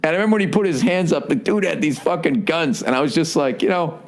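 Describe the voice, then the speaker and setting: A man in his forties rambles through a solo comedy podcast monologue. He swears freely, tosses in "right?" and "you know?" as he goes, and jumps into quick mocking impressions. His voice sits a bit higher than most men's. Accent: Boston. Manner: profane, rambling storytelling, many "right?" asides. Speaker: podcast host.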